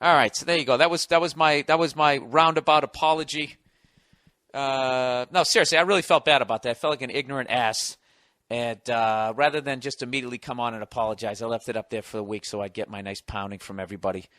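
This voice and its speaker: A man's voice: medium pitch, fairly even intonation, fast, pushed and bright, no room sound, studio quality. A middle-aged American man hosting a podcast, delivering a sarcastic, profane comedic rant. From United States. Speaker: podcast host.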